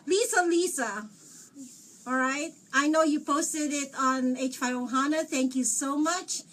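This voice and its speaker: Brief: high-pitched, bubbly middle-aged woman talk show host, jokey and quick to laugh; set back from the mic with faint noise behind. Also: a bit bright, distant mic. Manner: bubbly, joking, laughs often. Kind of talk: live chat show interview.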